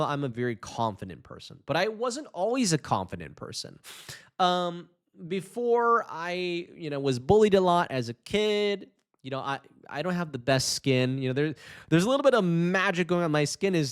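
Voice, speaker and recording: A man teaching public speaking on a podcast, fast-talking by nature, with frequent restarts and big swings in pitch for emphasis. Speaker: English teacher.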